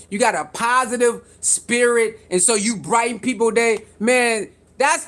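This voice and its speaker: Vlogger with a mid-range pitch riffing to camera in an animated, repetitive style, quizzing viewers and laughing between points. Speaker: sports commentary vlogger. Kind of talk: casual commentary to camera.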